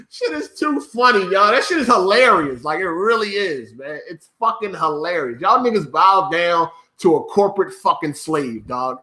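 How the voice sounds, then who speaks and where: A man's voice: high-pitched, animated, normal speed, pushed and bright, echoey room. A man ranting to his viewers as a gaming YouTuber, profane and mocking, often breaking into laughter.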